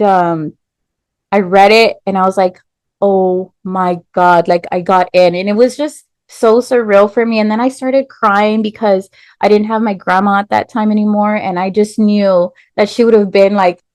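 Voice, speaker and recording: Woman, 30s, podcast guest, animated storyteller, filler-heavy, dry close recording. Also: mid-range voice, a little slow, dry recording. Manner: animated storyteller, acts out quoted voices, many "like" and "um" fillers. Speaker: podcast guest, nurse and business owner. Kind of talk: casual storytelling interview.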